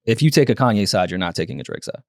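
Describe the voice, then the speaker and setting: A man co-hosting a podcast, chatting casually in an animated way and laughing often. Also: on the low side, racing, creaky, dry recording, studio quality. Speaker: podcast co-host. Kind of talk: casual group chat.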